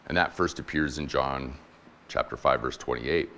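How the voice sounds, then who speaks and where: A man's voice: extremely low pitch, moderate pace, pushed and bright, slight background noise. A man, a military chaplain, preaching as a guest speaker and retelling scripture in a casual, playful way with slang. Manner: acts out quoted voices in conversational paraphrase. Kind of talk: sermon.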